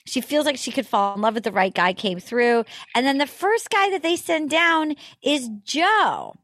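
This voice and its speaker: A woman hosting a casual chat, telling stories in a gushing, animated way. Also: high voice, moderate pace, no room sound, studio quality. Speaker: podcast host.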